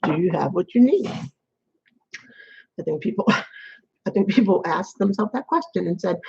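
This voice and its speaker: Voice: mid-range voice, animated, a little slow, creaky, long pauses, warm tone, husky. A person chatting casually to camera at home in an apartment, rambling and repeating phrases. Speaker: vlogger. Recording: dull lo-fi home recording.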